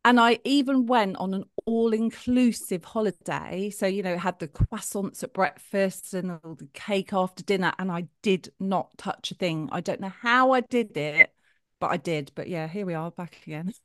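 A middle-aged woman co-hosting a podcast, chatting in an animated way and laughing easily. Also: mid-range voice, normal speed, no room sound, studio quality. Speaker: podcast co-host. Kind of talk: casual chat.

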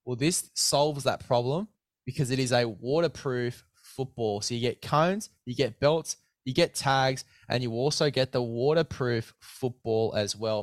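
Australian man, young, podcast host, blokey matey banter, mid pitch, dry sound. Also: dry recording. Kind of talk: casual sports chat.

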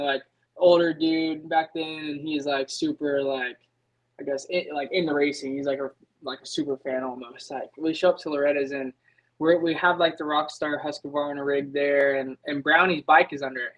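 A young adult man, a motocross racer, telling stories as a podcast guest in an animated way, leaning on filler words. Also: on the high side, rough recording. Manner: animated, leans on filler words, acts out his own past thoughts. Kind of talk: casual podcast storytelling.

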